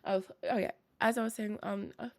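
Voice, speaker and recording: A woman's voice: mid-range voice, steady tone, a little fast, creaky. Scratchy-voiced woman streamer. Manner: rambling, laughs often, many fillers. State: scratchy, tired voice. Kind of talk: casual livestream chat with viewers.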